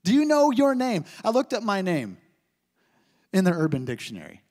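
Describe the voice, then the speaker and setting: A man's voice: high voice, moderate pace. A man in his thirties preaching a sermon, joking and telling stories as he teaches. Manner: animated, joking storyteller. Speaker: pastor. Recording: preached in a hall with long reverb.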